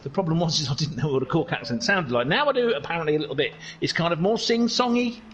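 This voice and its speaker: High, lively man joking on commentary. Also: rapid-fire, dull audio. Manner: rambling, joking and sweary banter. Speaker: sim racing stream commentator. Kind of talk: casual live race commentary.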